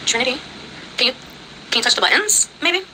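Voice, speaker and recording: A woman running a spirit box session, excitable and exclaiming as she reacts. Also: high-pitched, noisy background.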